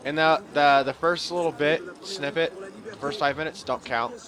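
A man's voice: on the high side, steady tone, normal speed, fairly bright tone. A young man giving crude, sarcastic let's play commentary and swearing freely. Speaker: gameplay commentator. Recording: game crowd noise underneath. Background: game crowd and street sounds.

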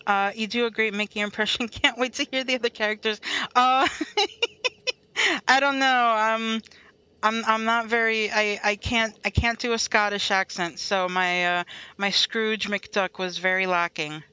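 A woman's voice: fairly high pitch, fairly even intonation, unhurried, pushed and bright, smooth. A woman chatting casually through a gameplay livestream, talking to herself and to chat and laughing often. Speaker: streamer. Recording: light music behind the voice.

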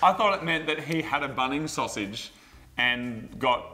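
A man co-hosting a casual show, animated and jokey, rambling with restarts. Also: medium pitch, normal speed. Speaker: co-host. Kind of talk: casual banter.

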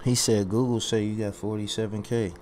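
A man's voice: fairly low pitch, level tone, fairly quick, a little mellow, a little hiss or hum. Boastful, confrontational male vlogger. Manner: boastful and confrontational, repeats phrases for emphasis. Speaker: YouTube commentary host. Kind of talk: unscripted ranting commentary.

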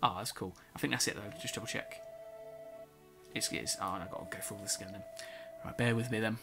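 A woman's voice: extremely low pitch, fast, over music. A woman hosting a gameplay video, reading in-game books aloud with wry asides and mumbled self-talk. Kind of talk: casual let's-play reading in-game books.

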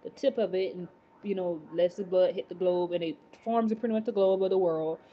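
A woman casually recapping a TV episode, rambling with many fillers and excited exclamations. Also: lowish voice, brisk, lo-fi sound. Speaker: TV episode reviewer.

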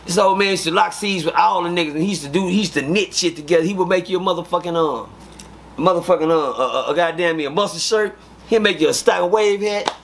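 A man with a fairly high voice tells prison stories in casual interview talk. He swears freely and acts out each person's lines as he goes. A faint hum of ambient noise sits behind him. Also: fast, creaky. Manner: profane, animated, acts out quoted dialogue. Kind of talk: casual storytelling.

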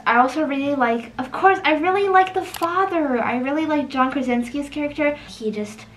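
Chatty woman with a bright voice. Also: sits high, normal speed, slight background noise, low-quality recording. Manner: chatty, leans heavily on "like" as filler. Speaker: art vlogger. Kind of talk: casual chat over drawing. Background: soft background music.

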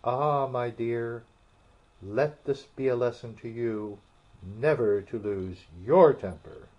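A man voicing a preachy old mother crab in a storybook audiobook, in a slow, lecturing tone. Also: mid-range voice. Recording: muffled, dull audio.

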